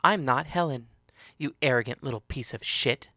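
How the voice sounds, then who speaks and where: A ruthless young woman fighter speaks in a low, controlled, quietly menacing voice, as a male reader puts her on. The tone stays bright and forceful, and the sound is dry and close. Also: normal speed, dry recording.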